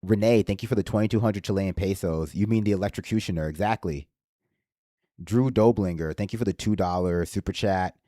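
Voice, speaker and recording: A man's voice: deep voice, a little fast, dark tone, dry recording, clean studio sound. A man hosting a livestream in casual political commentary, with a slight lisp and a sarcastic, rambling manner that swears freely. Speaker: livestream host.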